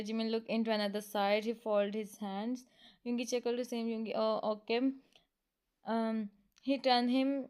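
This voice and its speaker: Smooth-voiced woman reading a fan story. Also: fairly high pitch, flat delivery, a little mellow. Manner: halting, with frequent fillers and restarts. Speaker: fan fiction reader.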